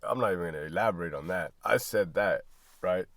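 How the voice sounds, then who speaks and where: A man's voice: low voice, brisk, dry recording, studio quality. A man who was a prison guard tells stories casually, swearing freely, laughing mid-sentence and tagging lines with "right?". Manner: animated, asks "right?" constantly. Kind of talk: casual storytelling.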